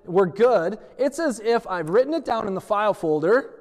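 A male pastor with a high voice preaches a sermon and tells stories, playing out each exchange in its people's voices. His words ring with the long reverb of a large hall. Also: expressive, moderate pace. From United States. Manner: storytelling preacher who acts out dialogue.

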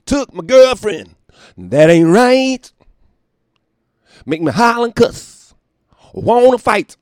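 A man doing an impression of a famous soul singer, shouting and singing out song lines about being mad. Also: high-pitched, very animated, slow pace, dry recording, clean studio sound, pitched above the performer's own voice, exaggerated voice. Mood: fired up.

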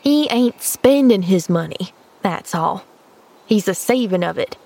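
A woman's voice: mid-range voice, animated, measured pace, gravelly, warm tone. A woman reading an audiobook, voicing a plain-spoken, gossipy country housemaid who exclaims readily.

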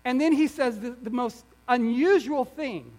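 High-voiced man preaching a sermon. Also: unhurried. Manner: rises to emphatic near-shouting, drops to quiet asides; repeats words and restarts phrases. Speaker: pastor.

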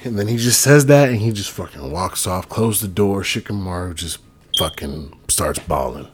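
A man's voice: deep voice, expressive, moderate pace, slightly rough. A man talking in a loose, rambling, profane casual monologue. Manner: rambling, profane, laid-back. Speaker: vlogger.

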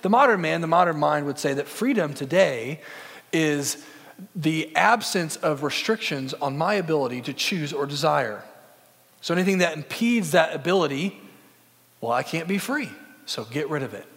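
A man's voice: a little high, fairly bright tone. Earnest man preaching in a reverberant hall. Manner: earnest, conversational with film references. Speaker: pastor. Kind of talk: sermon.

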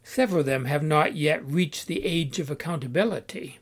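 A man's voice: a little high, moderate pace, husky. A man voicing a cheerful, busy homemaker mother in a storybook, talking in a chirpy, eager way.

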